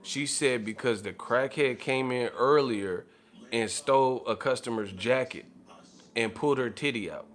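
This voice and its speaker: A man's voice: mid-range voice, a little slow, a bit bright. Profane, laughing man telling a story. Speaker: boxing channel host. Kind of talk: casual storytelling monologue.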